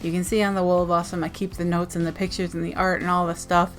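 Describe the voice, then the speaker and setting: A woman's voice: on the low side, flat delivery, quick pace. A woman vlogger sharing zines from her mail in casual chat, bubbly and gushing with frequent giggles. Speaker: zine reviewer vlogger.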